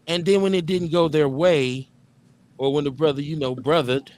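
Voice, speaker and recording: A man's voice: on the high side, fairly even intonation, moderate pace, darkish tone. A man hosting a live talk show, joking, streetwise and profane in casual banter. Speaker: host.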